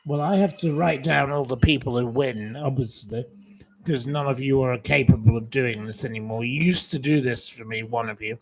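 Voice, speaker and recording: A man's voice: mid-range voice, normal speed, rough recording. A man from northwest England hosting a casual live quiz from home, rambling and chatty with many fillers. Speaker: livestream host running a quiz.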